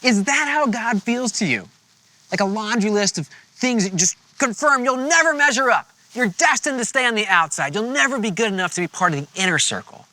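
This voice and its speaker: A man preaching a sermon in a conversational, animated storytelling way with playful asides. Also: high voice, brisk, dry recording. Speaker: pastor.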